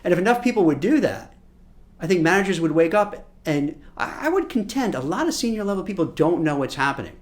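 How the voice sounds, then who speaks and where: A man, a seasoned recruiter, talks through career advice in a casual way. His voice sits a little high and swings widely in pitch. He keeps slipping into little acted-out exchanges. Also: brisk. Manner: animated, acts out imagined dialogue.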